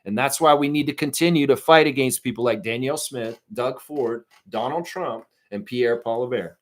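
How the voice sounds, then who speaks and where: A man's voice: mid-range voice, moderate pace. A middle-aged man hosting a live fan stream, ranting profanely and reading out chat messages.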